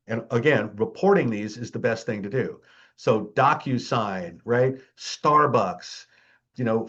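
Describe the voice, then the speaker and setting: A man leading a security training session, speaking in a middle-of-the-road pitch. He is conversational and emphatic, and his wry jabs poke fun at scams. The webinar audio sounds muffled and lo-fi. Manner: chatty and emphatic, keeps checking in with "okay?" and "right?"; wry, mocking tone toward scams.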